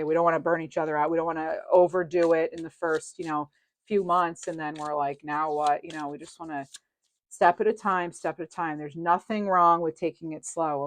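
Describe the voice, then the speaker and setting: A woman's voice: low voice, steady tone, brisk. A woman doing a casual, chatty tarot reading to her viewers, reassuring and rambling with fillers. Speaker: tarot reader.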